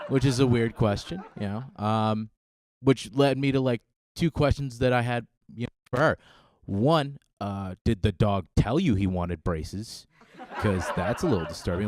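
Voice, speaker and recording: A man works a live crowd in a stand-up set, talking in a lowish, unhurried deadpan full of ums. His voice sits close and dry on a handheld mic. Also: no room sound. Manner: laid-back, deadpan with frequent ums. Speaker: stand-up comic. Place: comedy stage before live audience.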